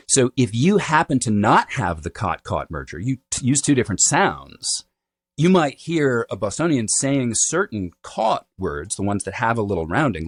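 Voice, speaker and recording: Low-voiced man explaining accents. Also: sing-song, normal speed, dry recording. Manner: teacherly, demonstrates vowel sounds, frequent "right?" tags. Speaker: dialect coach. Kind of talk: explanatory interview talk.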